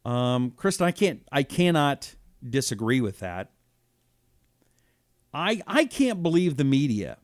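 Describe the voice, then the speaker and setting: A middle-pitched man in his fifties hosts a political talk show in a heated, indignant way. He swings from a hushed, somber tone to loud outbursts. The sound is dry and close to the mic. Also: very animated, a little slow, no echo. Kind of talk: live talk show, reading viewer comments.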